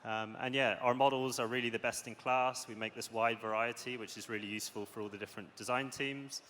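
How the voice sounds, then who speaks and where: A man giving a short startup pitch on a conference stage, relaxed, with frequent "um"s. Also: a little fast. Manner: relaxed, filler-laden delivery. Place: large conference hall. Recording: hall reverb, faint background noise.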